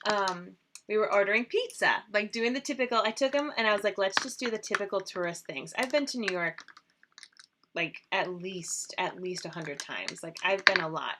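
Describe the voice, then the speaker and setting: A woman's voice: mid-range voice, heavy background noise. A woman hosting a casual makeup livestream, chatting and rambling with lots of fillers. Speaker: host.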